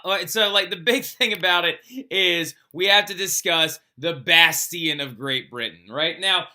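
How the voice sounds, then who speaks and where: In his laid-back recorded classroom talk on history, a man chats along with frequent "like" and "right?" checks. The voice is high-pitched, bright and forceful.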